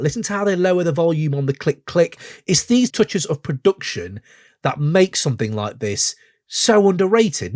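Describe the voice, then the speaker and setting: A man in his forties hosting a podcast, reviewing a song in an excitable, gushing way full of rambling asides. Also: fairly high pitch. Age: 40s. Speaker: podcast host. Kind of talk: casual music review chat.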